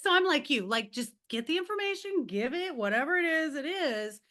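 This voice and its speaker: Middle-aged woman chatting on a podcast, kinda high voice, lively, laughs a lot, acts out what people said. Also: fairly quick. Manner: animated, laughs often, acts out quotes. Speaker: podcast guest, life coach. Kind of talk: casual storytelling chat.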